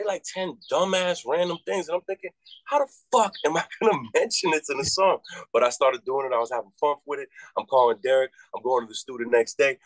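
A man from Massachusetts spins a long story in a relaxed interview, swearing freely and jumping his voice up high whenever he acts out other people's lines. His voice sits at an ordinary middle pitch, and the recording is close and dry with no room sound. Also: no room sound, poor audio. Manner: animated, profane storytelling with quoted voices and big pitch jumps. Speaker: rapper and podcast guest.

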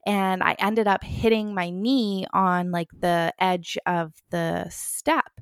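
Chatty young woman with a gravelly edge. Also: medium pitch, dry recording, studio quality. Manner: chatty, full of "like" fillers, acts out her own past lines. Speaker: vlogger. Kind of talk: casual storytelling.

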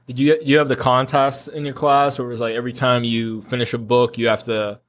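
Chatty young man, slightly low voice. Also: flat delivery, a little fast, fairly bright tone. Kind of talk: casual chat.

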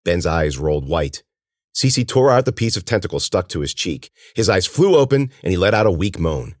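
A man with a very low voice reads a horror story aloud, letting his pitch rise and fall with vivid expression. The narration is measured and dramatic. The recording is close and dry, with no room sound. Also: sing-song, no room sound. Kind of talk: audiobook reading of a horror story.

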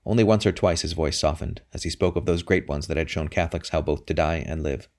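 A man narrating a historical novel in a steady, measured reading. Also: very deep voice. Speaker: audiobook narrator. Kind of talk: scripted narration.

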